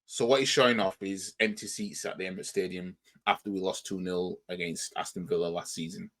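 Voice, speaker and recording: A man's voice: deep voice, fairly even intonation, fairly quick, a bit bright. Argumentative Yorkshire man. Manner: rambling, argumentative, rhetorical questions. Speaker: football reaction channel host. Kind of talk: casual reaction commentary.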